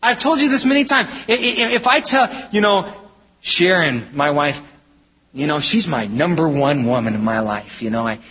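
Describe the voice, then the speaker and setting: A man preaching a sermon from the United States, in an emphatic style that swings between loud exclamations and low, intense statements. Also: lively intonation, moderate pace, breathy edge. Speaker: pastor. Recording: hall reverb.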